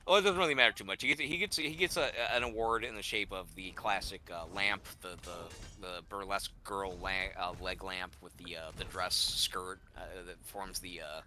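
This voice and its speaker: A man's voice: low voice, steady tone, moderate pace, few pauses, bright, forceful tone, slight background noise. A man in casual gaming chat, rambling through stories with lots of fillers and restarts.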